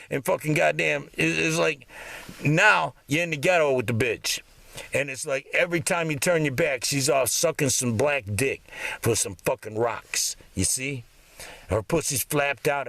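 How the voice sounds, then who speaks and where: A man's voice: medium pitch, creaky, dry recording. A man delivering an angry, profane, mocking monologue straight to the camera. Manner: loud and heated, then quieter and lecturing. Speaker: vlogger.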